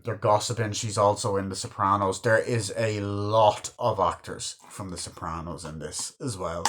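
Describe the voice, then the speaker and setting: Rambling, swearing man reviewing a film. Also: on the low side. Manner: animated, acts out quoted lines in put-on voices; swears freely, loose rambling delivery. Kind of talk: casual movie review.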